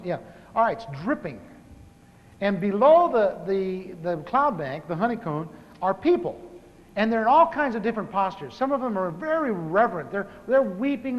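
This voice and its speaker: A pastor in his fifties tells his own testimony in a humorous sermon. He is an animated storyteller who repeats words for comic effect. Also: sits high, dull audio. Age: 50s. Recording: live talk in a reverberant hall with faint hiss.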